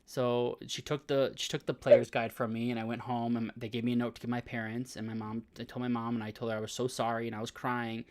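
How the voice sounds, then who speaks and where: A man's voice: medium pitch, flat delivery, fast talker, hardly any pauses, darkish tone. A man in his thirties, a podcast co-host, telling a long story in casual chat with many filler words and restarts. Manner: rambling storytelling with frequent "like" fillers.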